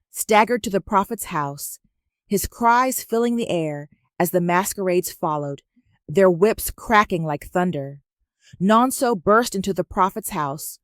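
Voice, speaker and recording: Woman storyteller, slow and steady folktale narration, dry close voice-over. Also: lowish voice, no echo.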